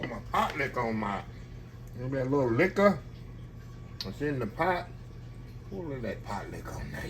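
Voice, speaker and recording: In his home kitchen, a man from Texas hosts a casual cooking vlog, talking folksily to his audience and addressing them as y'all in a Texan Southern accent. His voice is medium-pitched, and the recording is very noisy.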